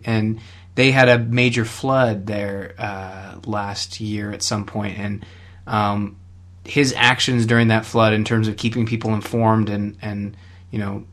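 A man from Canada co-hosting a casual chat podcast, relaxed and explaining with many ums and uhs. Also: on the low side. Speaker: podcast co-host.

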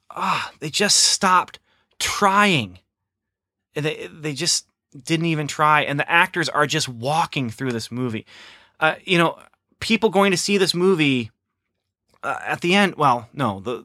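A man's voice: on the high side, normal speed, sharp tone, no echo, studio quality. A middle-aged man giving a rambling, sarcastic casual film review. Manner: rambling, sarcastic, lots of fillers and restarts.

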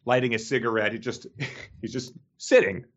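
A man's voice: medium pitch, moderate pace, muffled recording. A man co-hosting a podcast in casual chat, talking with many fillers and restarts and laughing often. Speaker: podcast co-host. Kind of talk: casual chat reviewing a book.

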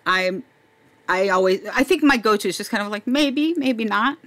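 A woman in her fifties hosting a casual chat, chatty and quick to laugh as she tells stories. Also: medium pitch, no echo. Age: 50s. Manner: chatty, laughs often, animated retelling. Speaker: podcast host, teacher.

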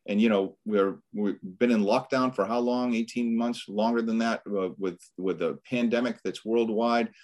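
A middle-aged man with a Boston accent speaks in a very low voice as a guest on a podcast interview. He talks earnestly and motivationally, and he often repeats a word or two as he starts a thought. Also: steady tone, normal speed, hardly any pauses, darkish tone. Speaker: business coach guest.

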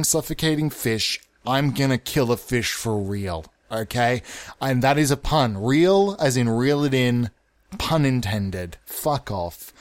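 A man's voice: animated, normal speed. A man hosting a comedy podcast, ranting in a theatrical, mock-offended way and over-enunciating his words. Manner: over-enunciating, sliding between exaggerated high and low voices. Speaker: podcast host.

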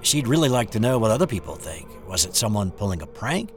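A man reading a first-person ghost story aloud in an expressive, dramatic way. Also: on the low side, fast, faint music behind.

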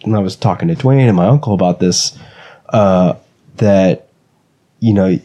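A man with a low, mellow voice talks hesitantly, stopping and restarting around his fillers. He has the hiccups and is chatting from a bedroom. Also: moderate pace. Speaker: podcast co-host and race driver. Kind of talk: casual chat.

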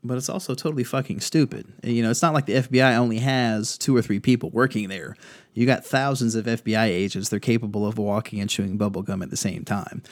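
A man's voice: lowish voice, steady tone, fast talker. A man hosting a political podcast, giving blunt, profane and indignant commentary, often reading quoted posts aloud. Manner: reads quoted tweets aloud.

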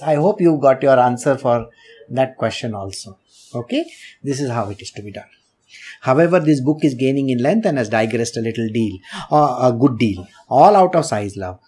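A man's voice: fairly high pitch, warm tone, slightly rough. A man giving a devotional talk, explaining patiently with questions and asides and dropping into Hindi. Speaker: spiritual teacher. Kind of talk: devotional discourse.

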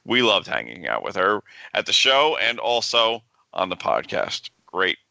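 A man co-hosting a casual podcast, talking in a halting, stuttery way and stumbling over words as he reads. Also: lowish voice, sing-song, creaky, sharp tone, dry recording, dull audio. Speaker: podcast co-host.

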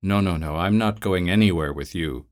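A man with a low voice playing a frail, frightened elderly woman who pleads. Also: moderate pace, close to an everyday voice. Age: over 60.

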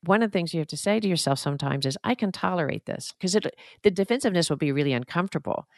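A woman's voice: lowish voice, expressive, rapid-fire, no echo, clean studio sound. A woman therapist co-hosting a podcast, explaining in an earnest, reflective, conversational way. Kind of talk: casual conversational advice.

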